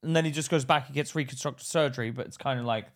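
A man's voice: mid-range voice, rapid-fire. A man co-hosting a podcast, playfully questioning and joking in casual chat. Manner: playful, questioning, bursts into loud laughter. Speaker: podcast co-host.

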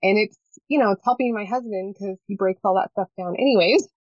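A woman's voice: mid-range voice, fairly quick, a little mellow, no room sound. A woman in her thirties, a parenting coach chatting as a guest, earnest and talkative with lots of fillers. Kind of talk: casual interview chat. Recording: dry, slightly dull lo-fi sound.

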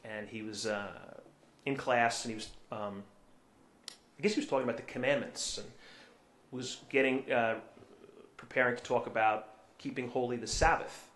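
A man's voice: medium pitch, steady tone, moderate pace, pauses often, fairly bright tone, slight background noise. Male priest, sermon, chatty storytelling with fillers and restarts, echoey church room.

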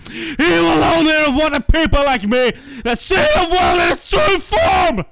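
Man doing a grandiose edgy villain with a high, swooping shouted voice for a comic reading. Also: sing-song, a little slow, vocal fry, very noisy, heavily acted. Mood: menacing rant. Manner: grandiose, raving, shouts rising to a high pitch. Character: edgy young male villain ranting about Satan.

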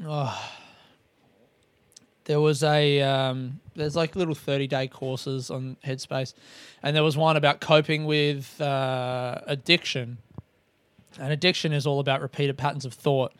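Rambling, swearing man, smooth voice. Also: medium pitch, flat delivery, a little slow. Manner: rambling, heavy swearing, self-mocking. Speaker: comedian podcast host. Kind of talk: casual monologue.

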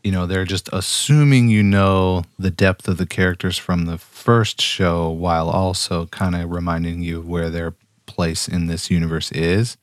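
A man with a very low, deep voice talks casually as a podcast co-host. He makes laid-back, musing comments with chuckling asides, and the recording sounds dry and close, with no room echo. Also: steady tone, normal speed. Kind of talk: casual recap chat.

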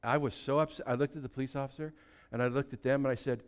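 A man in his fifties from California, a pastor telling a personal story in a lively, anecdotal way, with sudden loud bursts. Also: mid-range voice, quick pace, clean tone. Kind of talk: sermon storytelling.

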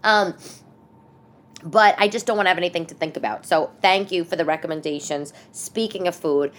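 Chatty low-voiced woman with New York accent. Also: fairly quick. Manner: rambling, chatty, self-interrupting. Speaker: podcast host and comedian. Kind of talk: casual solo podcast chat.

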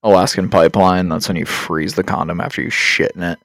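A man with a fairly low voice hosts a loose podcast chat, joking crudely and laughing between lines. The sound is dry and close, with no room echo. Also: fairly even intonation, fairly quick, fairly bright tone. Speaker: podcast host.

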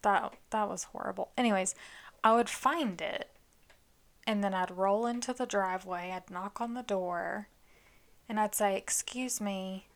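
A woman's voice: medium pitch, a little slow. Woman cohost on a chill podcast, playful storyteller, chatty and loose. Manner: playful storytelling, acting out scenes. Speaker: podcast co-host. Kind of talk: casual chat.

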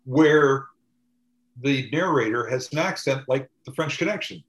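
A man co-hosting an interview, his voice carrying a noticeable echo from the room. He asks curious, slightly halting questions at a middle pitch. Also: expressive. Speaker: podcast co-host. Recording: roomy echo.

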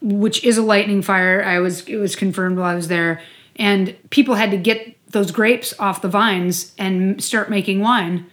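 A woman co-hosting a casual chat while tasting wine, talking fast and loose, swearing and filling her sentences with "like". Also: medium pitch, steady tone. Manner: chatty, heavy use of "like", swears casually. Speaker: podcast co-host.

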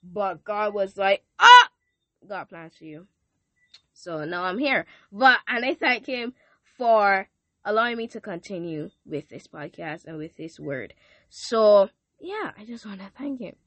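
A woman's voice: medium pitch, animated, a little slow, no room sound. A teenage girl hosting her own podcast, chatting affectionately to her listeners with lots of fillers and thank-yous. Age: teens. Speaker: podcast host. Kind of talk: casual faith podcast thank-you message.

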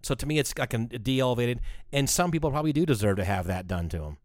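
A man's voice: mid-range voice, lively intonation, quick pace, a little mellow, no echo, studio quality. A man in casual chat, rambling through his opinions with many restarts and filler words.

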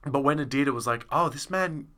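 Recounting a show he caught, a man co-hosting a podcast rambles through a casual review, breaking off mid-thought and using many fillers. His mid-range voice sounds pushed and bright, moving a little fast.

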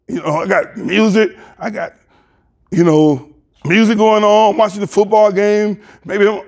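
A pastor in his sixties with a Southern US accent, preaching an animated, joking sermon straight to the congregation. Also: high voice, vocal fry. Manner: animated, jokey, talks to congregation.

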